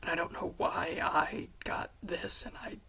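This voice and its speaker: Shaken young male superhero, done by a woman narrator, halting restarts, low whispery gravelly voice. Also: fairly even intonation, fairly bright tone, exaggerated voice.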